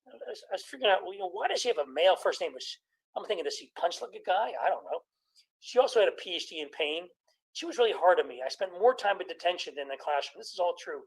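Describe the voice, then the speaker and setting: A man in his sixties doing a stand-up comedy routine, telling stories about his childhood with quick jokes and impressions of his family. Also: sits high, expressive, husky, low-quality recording.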